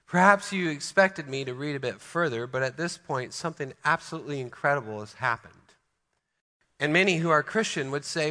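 A man preaches an emphatic sermon with a bright, forceful, fairly high voice. He slows right down to stress key words. The sound rings with the long reverb of a church hall. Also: expressive. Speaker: pastor.

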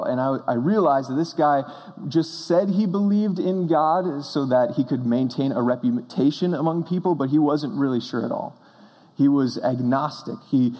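A man's voice: on the high side, warm tone. A young man preaching a sermon as pastor, telling stories earnestly and pressing key points with emphatic bursts. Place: church sanctuary. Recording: reverberant church hall.

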